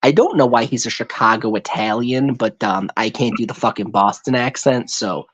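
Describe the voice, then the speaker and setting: A man's voice: mid-range voice, normal speed, hardly any pauses, a bit bright, husky, highs cut off. A man in casual chat on a live stream, rambling and tripping over his words. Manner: rambling, stumbles over words, slips into put-on voices. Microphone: home microphone on a live stream.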